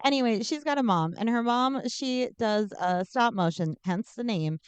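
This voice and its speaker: A woman's voice: on the high side, normal speed, clean tone, dry recording. A woman podcast co-host recapping a movie plot in a casual, joking, sarcastic way. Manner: joking, sarcastic, animated storytelling.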